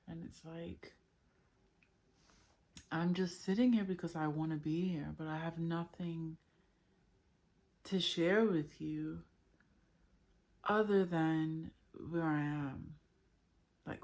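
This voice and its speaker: Slow, soft-spoken woman sharing feelings. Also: on the low side. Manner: halting, searching for words, soft-spoken. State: emotional. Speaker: spiritual vlogger. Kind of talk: unscripted heartfelt monologue.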